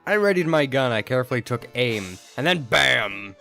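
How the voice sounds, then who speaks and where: A man's voice: mid-range voice, expressive, moderate pace, vocal fry, bright, forceful tone, faint music behind. A man voicing a male hunting dog, a hunter who tells his story plainly and matter-of-factly.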